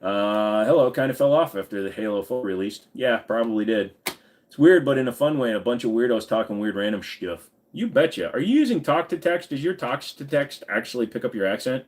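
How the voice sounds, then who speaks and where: A man's voice: mid-range voice, lively intonation, fairly quick. A man hosting a casual live stream, rambling through crude, jokey banter with his chat.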